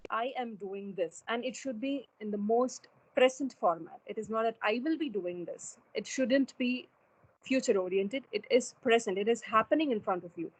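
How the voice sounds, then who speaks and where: A woman's voice: a little high, moderate pace, husky, poor audio. A woman giving an online webinar talk on goal setting, earnest, with many fillers and restarts, heard over a video call. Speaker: webinar speaker.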